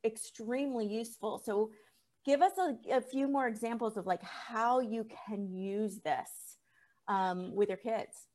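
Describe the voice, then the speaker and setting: A woman's voice: a little high, a little slow, darkish tone, a little hiss or hum. A woman hosting a podcast interview, asking follow-up questions and summing up her guest's points in an encouraging way. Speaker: podcast host.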